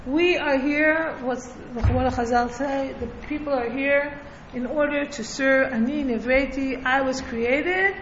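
A high-voiced woman gives a religious class in a relaxed, conversational way and keeps checking in with her listeners. The recording is echoey and a little dull, with a faint hiss underneath. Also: a little slow, hardly any pauses. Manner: conversational, checks in with frequent "right?". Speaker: Torah teacher.

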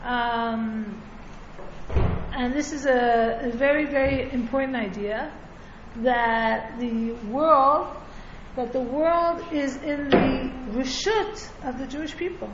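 A woman's voice: sits high, slow pace, noisy background. A woman teaching a religious class in a conversational way, often checking in with "right?" and chuckling between points, with listeners in the room. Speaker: Torah teacher. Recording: echoey lo-fi room recording.

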